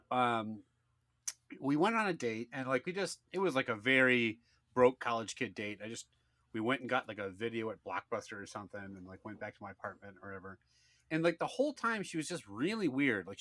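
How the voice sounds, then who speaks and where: A man's voice: medium pitch, lively intonation, fairly quick, bright, forceful tone, dry recording, studio quality. A man in his thirties co-hosting a podcast, telling a story in a rambling casual way, full of fillers and acted-out quotes. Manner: rambling, many "like"s, acts out quotes. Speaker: podcast co-host.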